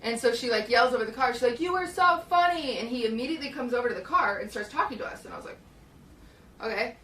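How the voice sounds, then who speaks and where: A woman's voice: fairly high pitch, quick pace, a bit bright, echoey room, far from the mic, slight background noise, poor audio. A young woman streamer telling a long story in casual chat, full of "like" and restarts, acting out what people said. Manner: rambling, lots of "like" and restarts, acts out quotes. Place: small hot shed studio.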